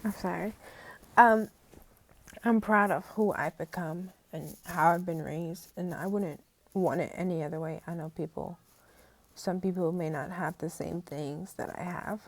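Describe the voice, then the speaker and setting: On her own channel, a young woman chats casually to camera at a measured pace in a lowish voice. Her talk is heartfelt and meandering, peppered with "you know," and she's often teary and close to tears.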